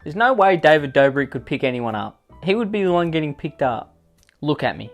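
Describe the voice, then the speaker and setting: A man's voice: on the high side, sing-song, a little fast, faint music behind. A young man giving a comedic commentary, reading text aloud with dry, sarcastic asides. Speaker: YouTube commentator.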